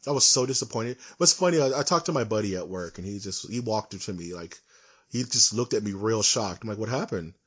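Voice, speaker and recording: A man's voice: lowish voice, lively intonation, a little fast, fairly bright tone, slightly rough. A young man co-hosting a podcast, chatting casually, ranting with animation and laughing often. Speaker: podcast co-host. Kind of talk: casual chat.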